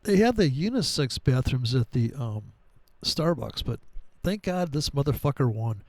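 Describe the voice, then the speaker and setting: A man's voice: mid-range voice, animated, normal speed, darkish tone, no echo. A middle-aged man giving casual, profane, wisecracking commentary on trading charts, wandering off on tangents.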